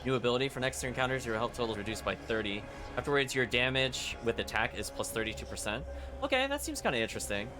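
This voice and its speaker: A man's voice: medium pitch, fairly even intonation, quick pace, few pauses. A man streaming a video game, talking through his choices in a chatty, analytical way on a headset mic. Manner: chatty, analytical, uses fillers like 'like'. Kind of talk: casual gameplay commentary. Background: game music.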